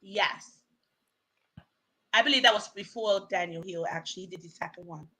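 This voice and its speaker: A woman from Bermuda, a podcast guest, telling lively stories in casual chat over a video call and laughing often. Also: fairly low pitch, moderate pace.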